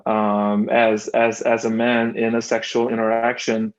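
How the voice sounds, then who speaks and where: Flat-toned young man, tentative. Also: mid-range voice, measured pace, lo-fi sound. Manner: tentative, searching for words. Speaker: audience participant. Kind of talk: casual discussion.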